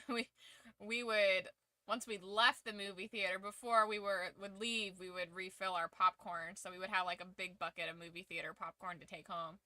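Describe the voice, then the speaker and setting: Chatty woman with a bright voice. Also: medium pitch, steady tone, moderate pace, dry recording. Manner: chatty, laughs often, swears casually. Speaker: streamer hosting a watch-along. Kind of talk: casual chat.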